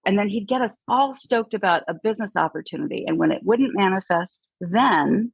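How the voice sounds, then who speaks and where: A woman chatting casually as a guest, telling animated stories and mimicking people in hushed voices. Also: mid-range voice, fairly quick, vocal fry, husky, no room sound, rough recording. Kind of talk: casual chat.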